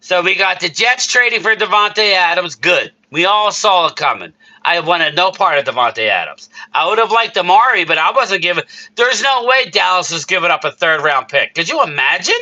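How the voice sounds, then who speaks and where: A man's voice: high-pitched, animated, moderate pace, pushed and bright, muffled recording. A man hosting a casual live stream about sports, ranting in a heated, worked-up way and answering chat messages. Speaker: streamer host reading chat.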